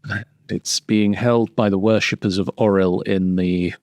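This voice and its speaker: A man's voice: on the low side, fairly even intonation, a little slow, a little mellow, dry recording. A man narrating as game master of a tabletop game, with dry, wry humor.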